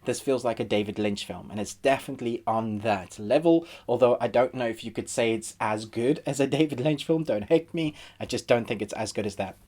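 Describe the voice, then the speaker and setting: A man's voice: medium pitch, fairly quick, few pauses, darkish tone. A married man talking casually to the camera as a film reviewer, chatty and conversational. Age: adult, married. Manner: chatty and conversational, acts out viewers' reactions.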